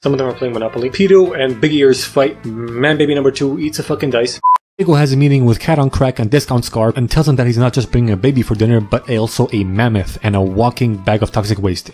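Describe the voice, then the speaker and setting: A man's voice: mid-range voice, dark tone. A man narrating comedic movie recaps in a crude, profane, sarcastic way, often breaking into silly voices.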